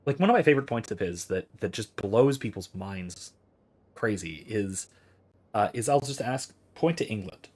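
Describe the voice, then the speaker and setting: A man's voice: lowish voice, expressive, normal speed, darkish tone. A man in his thirties, a streamer talking through philosophy in a casual, rambling way as he thinks aloud and answers chat.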